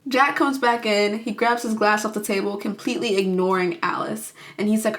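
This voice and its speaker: Young woman going over a movie plot, super animated, throws in little voices for the characters. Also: medium pitch, moderate pace, hardly any pauses. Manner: animated, acts out characters' lines in quoted voices. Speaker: movie reviewer. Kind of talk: casual movie recap.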